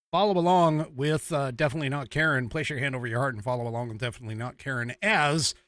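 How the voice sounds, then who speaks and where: A man's voice: on the high side, bright, forceful tone, no echo. An American man hosting a talk show from a small studio, chatting in a rambling way and chuckling at himself. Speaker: show host. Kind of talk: casual talk show chat.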